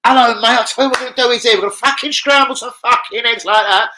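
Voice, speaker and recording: A man doing an impression of a cheery male TV chef with a put-on London accent, rattling off cooking steps in fast, swaggering patter. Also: extremely high pitch, sharp tone, voice pushed up, full character voice, rough recording. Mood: chirpy.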